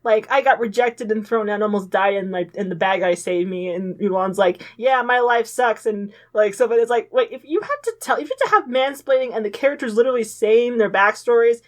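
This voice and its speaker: A woman's voice: medium pitch, a little fast, hardly any pauses. A woman co-hosting a podcast, recapping a movie's plot in casual chat, agreeing often and acting out lines as she retells them. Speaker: podcast co-host.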